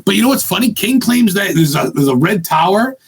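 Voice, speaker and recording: A man from Maine, a guest ghost hunter, talking bluntly and excitedly with lots of swearing in casual podcast chat. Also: high-pitched, brisk, husky. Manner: blunt, profane, rambling and excitable.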